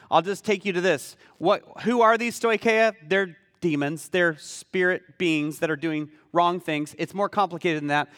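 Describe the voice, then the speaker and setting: A man preaching a sermon as pastor, animated and conversational, with lots of rhetorical questions. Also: high voice, no echo, clean studio sound, long reverb tail.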